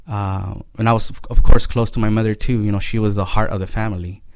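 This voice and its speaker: Earnest low-voiced man telling his story. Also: little pitch movement, gravelly, a little mellow, smooth, dry recording. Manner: earnest, halting, many pauses and fillers. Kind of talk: personal testimony.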